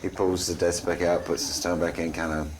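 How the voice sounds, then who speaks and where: A man's voice: sits low, level tone, fairly quick, noisy background. A man playing a tabletop game, rambling and hesitant as he explains his character. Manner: rambling, hesitant, full of ums. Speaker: player.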